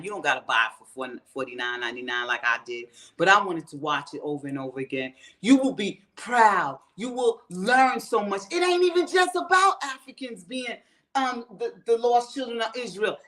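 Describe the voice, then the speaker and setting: Woman host, raised-pitch profane rant, pitch leaping all over. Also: a bit bright. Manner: fired-up, profane, talks straight to viewers. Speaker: show host. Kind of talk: ranting commentary.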